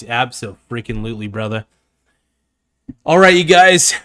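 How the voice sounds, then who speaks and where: A man's voice: mid-range voice, expressive, measured pace, sharp tone, slight background noise. Enthusiastic rambling male live-streamer. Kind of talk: casual live stream chat.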